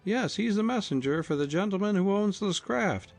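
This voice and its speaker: A man's voice: sits high, expressive, normal speed, vocal fry, darkish tone, soft background music, voice pushed up, full character voice. A man voicing a firm, resolute young man steering a boat, in a storybook reading.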